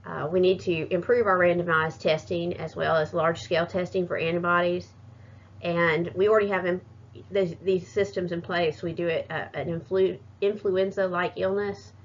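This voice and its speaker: A woman's voice: fairly low pitch, level tone, moderate pace, slight background noise. A woman giving a recorded class presentation, hesitant and full of fillers and restarts. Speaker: student presenter. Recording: muffled lo-fi recording.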